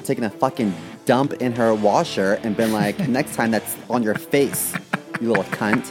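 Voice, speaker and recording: A man's voice: mid-range voice, normal speed, over music. A man co-hosting a podcast, telling a story in a blunt, crude, indignant way. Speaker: podcast co-host. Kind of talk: casual storytelling chat.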